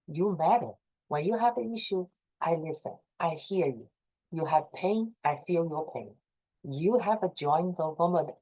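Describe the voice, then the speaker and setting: Her voice is deep and mellow, though the audio quality is poor: a middle-aged woman from China with a Chinese accent advising fellow association leaders over a video call. The informal talk to this professional group is earnest, encouraging and full of repetition.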